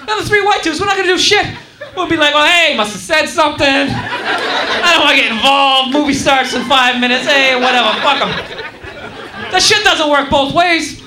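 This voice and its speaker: A man tells a rowdy, profane stand-up story from a club stage, and his voice is very high for a man. It rings out through a roomy, echoey space. Audience laughter and steady noise sit behind him. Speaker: stand-up comedian. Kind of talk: stand-up comedy.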